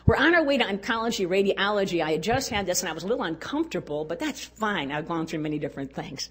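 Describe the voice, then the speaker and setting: An older woman speaking at a women's conference, telling a personal story in an earnest way and dropping to a hush at tender moments. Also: mid-range voice, expressive, fast, slightly rough. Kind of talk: storytelling talk.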